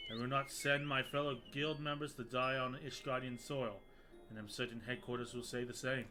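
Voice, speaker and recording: A dutiful guild official who speaks in a firm, formal, measured way, read out by a man. The voice is bright and a little raised. Faint game music runs underneath. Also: medium pitch, natural voice.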